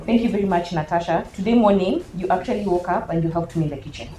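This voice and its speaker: A Kenyan woman in her thirties speaking as a parenting panel speaker, lively and animated, acting out children's voices as she talks to an audience. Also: lowish voice, fast talker, heavy background noise. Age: 30s. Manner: animated, acts out children's voices, mixes English and Swahili. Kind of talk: lively workshop talk to an audience. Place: event hall with audience. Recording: roomy hall sound.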